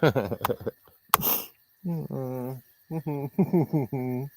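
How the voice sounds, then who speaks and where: A man's voice: medium pitch, very slow, a bit bright, a little hiss or hum. A man hosting a livestream, rambling in casual chat and reading viewers' comments aloud, congested and coughing. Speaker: livestream host.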